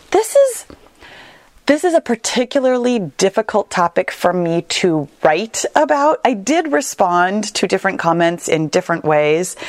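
A woman's voice: fairly low pitch, dry recording. A woman coaching listeners on a solo podcast, talking in an earnest, reassuring and conversational way. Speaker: weight-loss coach, podcast host.

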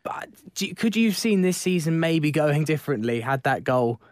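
A man's voice: on the high side, lively intonation, normal speed, dry recording, clean studio sound. A man hosting a casual football podcast, steering the chat with questions. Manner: leads the talk with questions, chatty. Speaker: podcast host.

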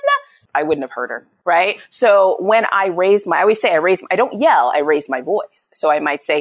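A woman in her thirties talks as a parenting coach on a podcast, voice sitting a bit low but swinging widely in pitch. She acts out little quoted lines, jumping high and then dropping back down. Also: normal speed. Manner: animated, acts out quotes with big pitch jumps. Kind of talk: podcast interview.

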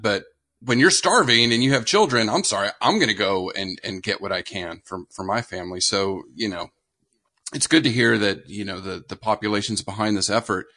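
A man's voice: fairly low pitch, pushed and bright. A man from the United States hosting a podcast interview, asking questions casually with lots of filler words. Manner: casual, many "you know" fillers. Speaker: podcast host.

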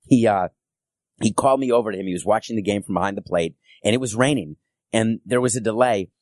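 A middle-aged man hosting a solo sports podcast, telling stories in a chatty way with quick asides. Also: on the low side, dry recording, studio quality.

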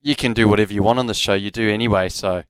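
A man with a South African accent co-hosting a sports radio show, giving measured, analytical takes. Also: lowish voice, steady tone, smooth, no room sound. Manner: measured, analytical, laughs easily. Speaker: radio sports co-host, former cricketer. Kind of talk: casual sports radio chat. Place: radio studio. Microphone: studio microphone.

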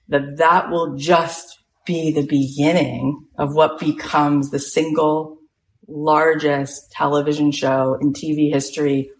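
A woman telling a story in an animated way, acting out the voices of the people in it and building to excited emphasis. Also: low-pitched. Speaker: speaker retelling a story.

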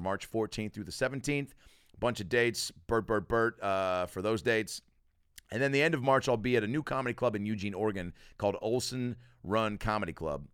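A man hosting his own podcast in a casual solo monologue, quickly plugging and riffing. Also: fairly low pitch, fairly bright tone, smooth, dry recording, studio quality. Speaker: podcast host and comedian.

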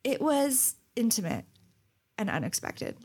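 Woman, podcast co-host, casual chat, animated, laughs a lot, slightly high voice. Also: a little slow, slightly rough. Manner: animated storyteller, laughs often, acts out quotes.

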